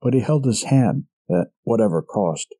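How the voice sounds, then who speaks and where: A man reads a mystery story aloud in an expressive narrating style. His voice is mellow and warm with lively, varied pitch. The sound is dry, with no room echo. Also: moderate pace, breathy edge. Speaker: audiobook reader.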